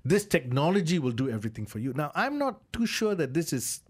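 A man's voice: on the high side, very animated, a little fast, slightly rough. A man on a radio car show, chatting in a loose, rambling way with lots of fillers as he shares opinions from the studio. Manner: chatty, rambling with many "you know" fillers. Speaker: regular car show co-presenter. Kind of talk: casual radio chat.

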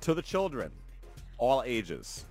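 A man's voice: mid-range voice, slow, soft background music. A man hosting a morning radio show in a studio, chatting casually and reading out listener texts. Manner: relaxed, reads out listener texts, chuckles often.

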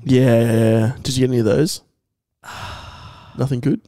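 A man's voice: mid-range voice, steady tone, a little slow, dark tone, no echo. A man co-hosting a podcast, jumping in with eager reactions and prompting the others. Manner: eager interjections, urges the others on. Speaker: podcast co-host. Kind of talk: casual podcast chat.

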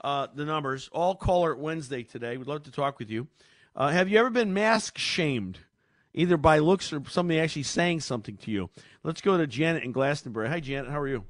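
A man hosting a call-in radio show, telling stories in an animated way and often repeating words as he talks. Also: fairly high pitch, a little fast, dry recording. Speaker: radio talk show host. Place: radio studio. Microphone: studio microphone.

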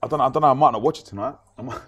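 A man's voice: medium pitch, very fast, a bit bright, dull audio. A man, a podcast guest chatting casually with cheeky banter and acting out the people in his stories. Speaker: guest, former reality show contestant.

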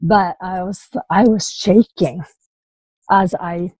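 A woman telling her personal story as a guest in an interview, in halting bursts with many restarts, asides and small laughs. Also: fairly low pitch, fairly even intonation, a little mellow, breathy edge, dry recording, rough recording. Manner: halting retelling with frequent restarts, "you know" and light laughs.

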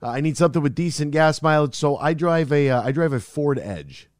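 A man on a casual radio chat, telling lively stories and acting out both sides of conversations. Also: fairly high pitch, fairly quick, no echo, clean studio sound. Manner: lively storyteller, acts out exchanges.

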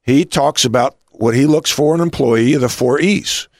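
A man's voice: medium pitch, normal speed, darkish tone, no room sound, studio quality. A man hosting an interview, rambling through anecdotes with frequent restarts. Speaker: host. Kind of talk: casual interview talk.

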